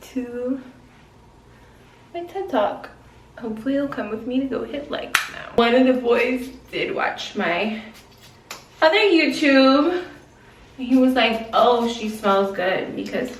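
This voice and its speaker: A woman's voice: on the high side, a little hiss or hum. A young woman vlogging in casual, slangy chat, musing on her feelings and life. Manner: chatty, slangy, self-reflective. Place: gym. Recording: echoey room, mic at a distance.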